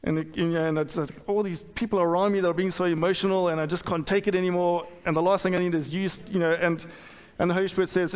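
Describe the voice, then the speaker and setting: A man's voice: sits high, level tone, quick pace, hardly any pauses, clean tone. Man preaching in a reverberant church hall. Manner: candid, self-deprecating, with frequent fillers and restarts. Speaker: pastor. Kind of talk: sermon.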